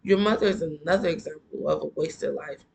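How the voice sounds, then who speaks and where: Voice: medium pitch, a little fast, gravelly, slightly rough, rough recording. A reader voicing a stern, lecturing middle-aged stepfather in a storybook read-aloud. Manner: lecturing, then stiffly apologetic. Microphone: earphone mic.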